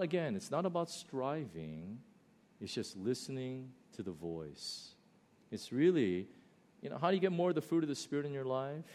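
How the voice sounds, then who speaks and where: Animated American preacher, lively pitch. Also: male voice. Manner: animated storytelling, shifts between loud bursts and slow, quiet emphasis. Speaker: pastor. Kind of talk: sermon.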